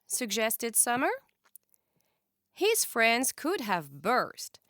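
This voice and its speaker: A woman teacher reading a children's storybook aloud in an expressive, animated way. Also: medium pitch, extremely slow, no room sound, clean studio sound.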